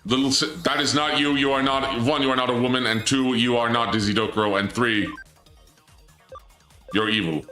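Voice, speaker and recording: A man streaming a video game, chatting casually with his audience, goofy and joking, his voice jumping up when he gets excited. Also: mid-range voice, fast, few pauses. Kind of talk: casual let's-play commentary. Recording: echoey room with game music underneath.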